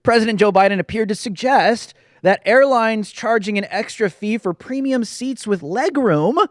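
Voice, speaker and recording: A man's voice: high voice, moderate pace, no echo, studio quality. A man hosting a political commentary show, talking in an indignant, sarcastic, emphatic way. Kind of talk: opinionated commentary.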